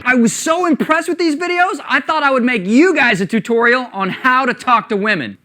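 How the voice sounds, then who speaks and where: A man hosting a comedy video review show, joking in an energetic, animated way. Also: very high voice, a little fast, slight background noise. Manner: animated, jokey, shifts voices.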